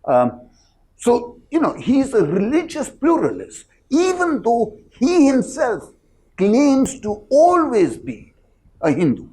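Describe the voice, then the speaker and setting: A panelist speaking slowly and deliberately, weighing each phrase. The voice moves expressively up and down in pitch as the thoughts unfold. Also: wildly swooping pitch, darkish tone, poor audio. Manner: slow, measured and thoughtful. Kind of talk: panel discussion.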